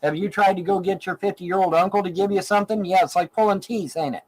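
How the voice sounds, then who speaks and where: A man's voice: high-pitched, fast talker, rough recording. A middle-aged man from Ohio ranting angrily in a profane, repetitive stream monologue. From Ohio, USA. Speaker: online show host in archived clip.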